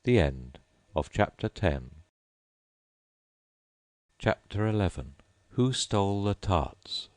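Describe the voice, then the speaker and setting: A man reading a classic storybook aloud as an audiobook narrator, in an expressive storytelling manner. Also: lowish voice, slow pace, long pauses, no room sound. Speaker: audiobook reader. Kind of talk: scripted narration.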